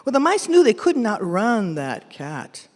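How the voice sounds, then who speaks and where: Animated woman storyteller in a hall. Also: mid-range voice, unhurried. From San Jose, California. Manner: animated, switches between Spanish and English phrases. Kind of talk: bilingual storytelling performance. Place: large event hall. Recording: echoey hall from a live event.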